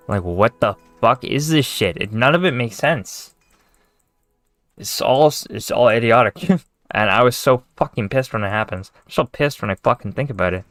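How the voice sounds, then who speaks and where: A lowish male voice in a loose, profanity-laced rant, with sarcastic asides and exasperated sighs. Faint music plays quietly behind him. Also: dry recording. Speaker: gaming video creator. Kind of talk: casual rant to camera.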